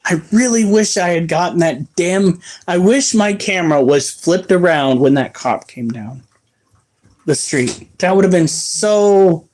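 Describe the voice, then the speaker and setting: A man's voice: fairly high pitch, darkish tone. A young man chatting casually on a live stream, rambling and explaining how to care for his exotic pets.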